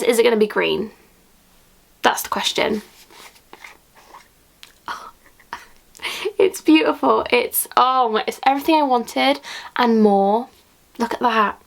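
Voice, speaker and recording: A young woman talks through an unboxing with breathless excitement, gushing over each product and now and then sinking into an awed whisper. Her voice sits a little high, with a gravelly edge of fry at the ends of phrases. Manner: gushing, excitable, drops into whispers when thrilled. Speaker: beauty vlogger. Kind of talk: unboxing vlog, casual chat.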